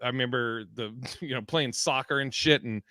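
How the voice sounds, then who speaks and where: Bright-voiced man, casual podcast chat. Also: mid-range voice, normal speed, clear, resonant tone, no room sound, clean studio sound. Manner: loose, laughs often, swears casually. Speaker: podcast co-host reading listener comments.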